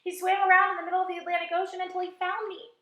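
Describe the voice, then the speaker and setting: A woman voicing a vain, excitable male centipede with high, fussy exclamations. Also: moderate pace, echoey room. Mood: excited.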